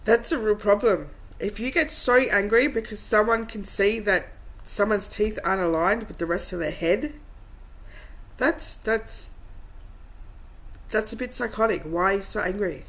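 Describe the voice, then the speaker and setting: A woman talks over footage of a livestream, picking it apart in a blunt, mocking tone. Her remarks come out flat and sarcastic. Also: mid-range voice, a little slow, low-quality recording. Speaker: reaction commentator. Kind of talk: sarcastic commentary over a stream.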